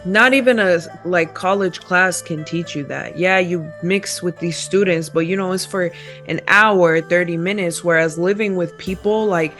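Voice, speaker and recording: A woman's voice: lowish voice, normal speed, a bit bright, faint music behind. A young woman, a podcast guest, reflectively telling her life story in casual chat.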